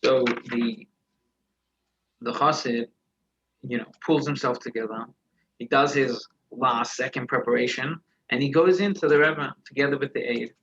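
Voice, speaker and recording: A man's voice: mid-range voice, moderate pace, fairly bright tone, slightly rough, dull audio. A man, a rabbi, telling a story in a conversational Torah class, searching for words and restarting his phrases as he goes.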